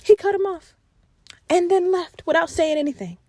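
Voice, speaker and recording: A woman hosting a podcast, retelling a movie in an animated, profane, slangy comedic style. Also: very high-pitched, normal speed, dry recording. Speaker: podcast host. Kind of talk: casual comedic storytelling.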